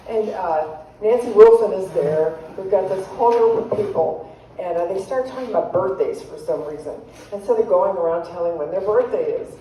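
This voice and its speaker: A woman's voice: medium pitch, moderate pace, mellow. A woman comedian telling chatty, self-deprecating stories to a live audience, laughing at her own jokes. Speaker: guest comedian. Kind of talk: comedic storytelling. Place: church hall with live audience. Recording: echoey hall, distant mic, faint noise.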